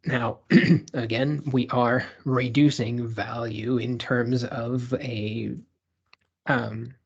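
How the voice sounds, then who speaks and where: A man's voice: medium pitch, little pitch movement, very slow, gravelly, breathy edge, dull audio. A man lecturing over slides in a discursive way, with fillers and restarts.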